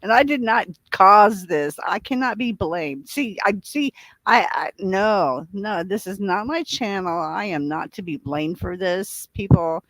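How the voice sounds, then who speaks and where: A woman's voice: mid-range voice, lively intonation, a little slow, few pauses, a bit bright, no echo, rough recording. A woman chatting casually as a guest on a livestream, playful and teasing and laughing often.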